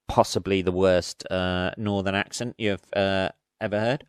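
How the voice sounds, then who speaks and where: A man's voice: low voice, steady tone, unhurried, clean tone, no echo, studio quality. A man hosting his own podcast as a comedian, rambling in a sweary, self-mocking way. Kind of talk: rambling casual monologue. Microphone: studio podcast mic.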